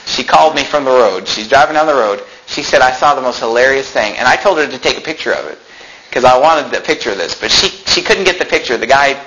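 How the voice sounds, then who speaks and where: A man's voice: mid-range voice, lively intonation, fast, pushed and bright, rough recording. A man preaching a sermon as pastor, talking conversationally, often laughing and acting out complaining voices.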